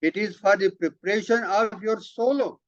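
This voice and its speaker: A man's voice: sits high, no room sound. Man, emphatic spiritual teacher. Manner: emphatic, repeats words, halting restarts. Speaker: spiritual teacher leading a study session. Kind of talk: explanatory talk, reading out and commenting. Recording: dull lo-fi, dry sound.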